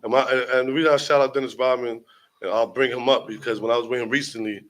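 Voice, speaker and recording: Fast-talking New York rapper telling a story. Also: male voice, medium pitch, fairly even intonation, a bit bright, low-quality recording. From Brooklyn, New York. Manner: acts out other people's voices, profane. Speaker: rapper, guest. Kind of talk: animated storytelling.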